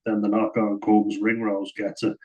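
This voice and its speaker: A man's voice: on the low side, level tone, moderate pace, dark tone, poor audio. A man giving a chatty, casual voice-over breakdown of rugby footage, often saying "like" and chuckling at his own asides. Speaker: rugby match analyst.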